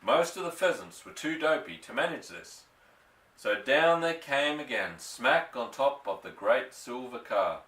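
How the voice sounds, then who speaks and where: A man narrating a children's story in an expressive, measured reading. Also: medium pitch. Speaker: audiobook narrator. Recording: roomy, from a distance.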